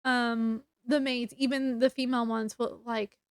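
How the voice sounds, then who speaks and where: Young woman book reviewer, high voice, slow chatty plot recap, lots of fillers, dry close sound. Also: flat delivery, clear, resonant tone, no room sound. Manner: chatty, laughs often, many fillers.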